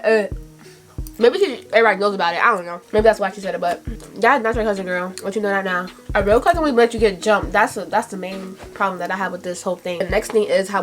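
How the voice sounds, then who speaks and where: A young woman from Brooklyn with a Brooklyn New York accent, chatting casually and giggling a lot as she reacts on her vlog. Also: mid-range voice. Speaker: vlogger. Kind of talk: casual chat.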